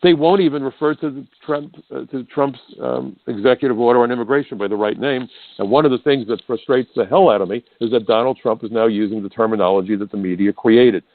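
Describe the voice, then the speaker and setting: An older American man hosts a talk radio show, firing off an emphatic, indignant monologue straight at his listeners. He talks fast in a medium-pitched voice, and the audio is dry and narrow, like a phone line.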